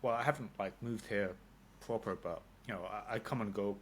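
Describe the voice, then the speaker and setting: A man's voice: on the low side, brisk, breathy edge. Rambling British man, swears casually. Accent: British English. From London, UK. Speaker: interview guest. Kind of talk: casual interview.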